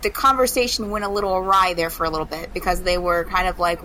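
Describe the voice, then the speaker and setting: A woman's voice: on the low side, steady tone, quick pace, hardly any pauses, sharp tone, a little hiss or hum, poor audio. A woman co-hosting a podcast, chatting casually about a video game in a rambling way and acting out the characters' lines. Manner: rambling, lots of fillers and acted-out quotes. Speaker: podcast co-host.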